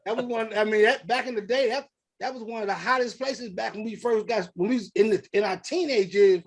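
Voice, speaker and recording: A lively man from St. Louis with a noticeably high voice leads a casual interview. He speaks, acts out quotes in his stories, and laughs often. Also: fairly quick, husky. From St. Louis, USA. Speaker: podcast host.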